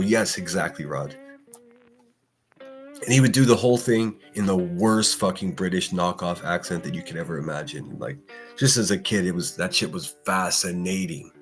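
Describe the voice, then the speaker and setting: A man's voice: low-pitched, moderate pace, faint music behind. A man hosting a casual morning livestream, ranting bluntly with lots of swearing, breaking into laughs and reading chat. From Pittsburgh area. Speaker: livestream host.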